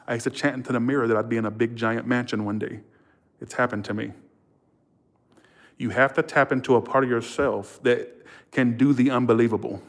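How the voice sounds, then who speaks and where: A man, a tarot reader hosting a livestream, telling stories with feeling and swearing freely. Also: mid-range voice. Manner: animated, emotional, swears freely; thanks viewers warmly and repeatedly. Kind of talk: casual livestream storytelling.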